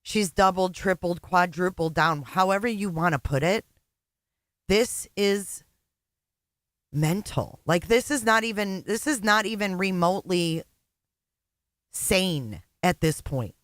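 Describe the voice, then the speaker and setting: A woman's voice: fairly low pitch, slow, pauses often, dry recording. A woman co-hosting a casual livestream, blunt and exasperated, swearing freely.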